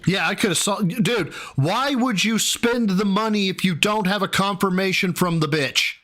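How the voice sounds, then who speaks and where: A man's voice: high-pitched, moderate pace, a bit bright. A man commenting on a video, sarcastic and teasing, swearing as he mocks what he hears. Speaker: reaction commentator. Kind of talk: mocking commentary.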